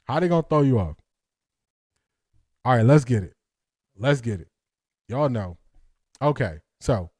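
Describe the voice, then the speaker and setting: A man's voice: medium pitch, dark tone, no echo, clean studio sound. A man hosting a football breakdown livestream, talking energetically and emphatically, repeating lines and laughing often. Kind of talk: casual livestream commentary.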